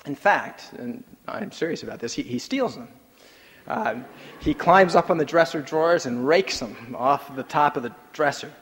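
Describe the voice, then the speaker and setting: A man preaching a sermon with an animated, storytelling delivery, dropping soft and low for asides, then lifting up with emphasis. His voice sits a bit high for a man. The sound carries the long reverb of a church sanctuary. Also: moderate pace. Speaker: pastor.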